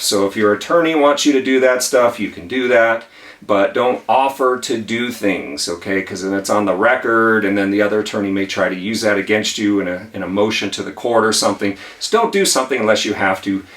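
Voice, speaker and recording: An attorney with a lowish, somewhat bright voice gives a conversational legal-tips lesson at a whiteboard, talking fairly quickly and emphatically repeating key phrases. A distant camera mic picks him up in an echoey room.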